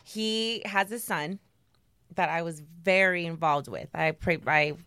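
A young woman guest on a podcast, telling her story in a dramatic, animated way with many restarts. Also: lowish voice, a little slow, smooth, dry recording, clean studio sound. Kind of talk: casual storytelling.

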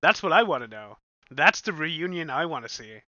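A man co-hosting a casual movie-review chat, animated and jokey, swearing casually. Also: fairly high pitch, moderate pace, no echo, dull audio.

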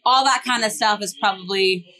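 A woman's voice: mid-range voice, normal speed, crowd noise. A woman with a Southern US accent, a band member guest chatting in an interview with a bubbly manner. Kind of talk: casual interview chat.

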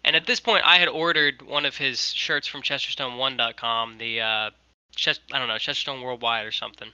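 A young man tells a long, animated anecdote over a video call and keeps slipping into what people said. His voice is very bright and edgy. The audio is dry and close, with no room around it. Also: medium pitch, a little fast, smooth, no echo, poor audio. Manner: rambling, animated, quotes people. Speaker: guest, merch designer. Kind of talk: casual storytelling.

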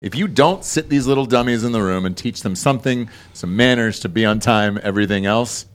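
A man's voice: lowish voice, brisk. A man from Georgia, a guest comedian, arguing bluntly in casual podcast banter. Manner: blunt, argumentative, animated.

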